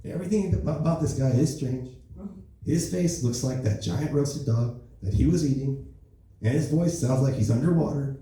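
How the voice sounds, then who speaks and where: Recorded from afar in an echoey comedy club, a man at an open mic impersonates an older male president, boastful and rambling. His mid-range, mellow voice stays close to everyday speech at a moderate pace.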